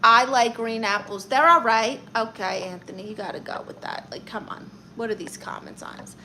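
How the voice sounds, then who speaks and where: A woman with a fairly high, sharp-toned voice stays in character as a loud Brooklyn aunt calling herself a therapist. With a Brooklyn New York accent, she tackles comments on a comedy livestream using quick, sassy, brassy comebacks over slight background noise.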